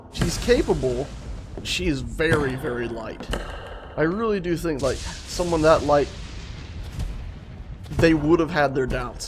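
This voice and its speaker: Young man streaming a game, rambling and profane, fairly high voice, loud music behind. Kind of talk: casual let's-play commentary.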